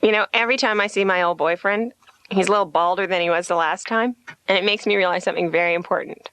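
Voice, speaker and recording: A woman comedian talking to her therapist, telling deadpan jokes and slipping into quick put-on voices. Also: mid-range voice. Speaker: patient, comedian. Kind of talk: stand-up style monologue in a cartoon.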